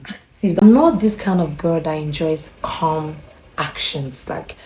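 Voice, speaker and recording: Low-voiced Nigerian woman, roomy echo. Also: a little slow, a little mellow. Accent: Nigerian English. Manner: chatty, confiding, repeats herself. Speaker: vlogger. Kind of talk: casual storytelling to camera.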